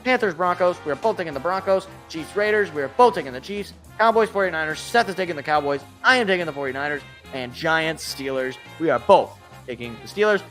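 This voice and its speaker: Opinionated sports host, bright worn voice. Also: male voice, a little high, expressive, quick pace, hardly any pauses, soft background music. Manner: opinionated, rattles off picks. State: tired, voice worn. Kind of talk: casual sports talk show.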